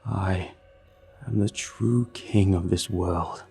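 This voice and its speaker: A man voicing a menacing male monster who speaks in a slow Texas drawl and hisses his threats. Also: low voice, gravelly, a little mellow, slightly rough, faint music behind, full character voice. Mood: hissing.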